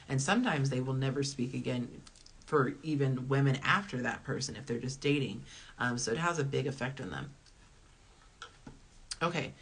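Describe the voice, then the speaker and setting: A woman's voice: low voice, slightly rough. A woman hosting a relationship advice talk, speaking casually and emphatically to her viewers, repeating key words for stress and responding to live comments. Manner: chatty and emphatic, with repeated phrases. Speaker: dating and relationship advice host.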